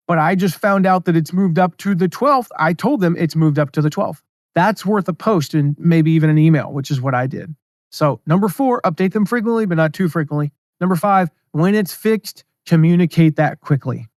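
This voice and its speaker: Guy hosting a solo biz podcast, kinda high voice, super dry close mic, chatty with lots of asides. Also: a little mellow, no echo. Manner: conversational, reads his own emails aloud, asides and fillers. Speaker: podcast host. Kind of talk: solo business podcast, casual instruction.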